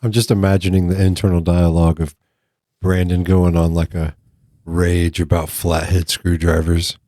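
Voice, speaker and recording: A man's voice: low-pitched, level tone, normal speed, warm tone, no echo, studio quality. A man in a casual podcast discussion, chiming in with playful joking asides.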